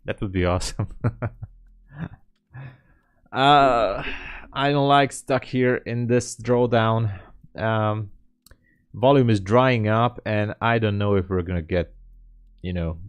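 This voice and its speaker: A man's voice: on the low side, measured pace, clear, resonant tone. A man giving live trading commentary, thinking aloud in a muttering, joking way full of fillers. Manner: muttering, joking, self-talk with sighs and fillers. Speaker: day trader streaming live trades.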